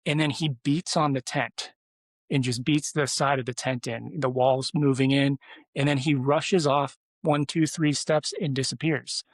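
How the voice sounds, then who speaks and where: A man speaks at a middle pitch as a podcast guest, telling a story in loose, conversational talk. He restarts his sentences often and fills pauses with "um" and "like". The recording is close and dry. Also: fairly even intonation, no room sound. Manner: rambling, with many restarts and fillers.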